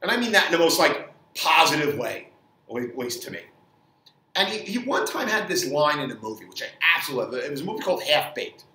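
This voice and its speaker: A man's voice: fairly high pitch, very animated, fast, bright, forceful tone, far from the mic. A man who works as a fitness trainer, giving an angry, profane opinion rant with many stumbles and repeated words. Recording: echoey room, voice off mic.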